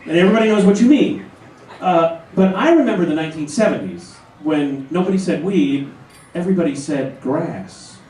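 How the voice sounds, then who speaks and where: A man in his forties performing a stand-up comedy set in a club, telling stories with animated acted-out voices. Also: high-pitched, a little fast, slight background noise. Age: 40s. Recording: roomy club sound from a far camera. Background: audience laughter.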